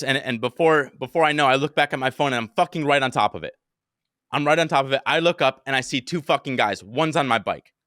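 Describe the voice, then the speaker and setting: Fast, bright-voiced young man telling a story. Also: medium pitch, dry recording, studio quality. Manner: animated, heavy swearing, acts out his own panicked shouts. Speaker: podcast host. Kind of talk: casual storytelling chat.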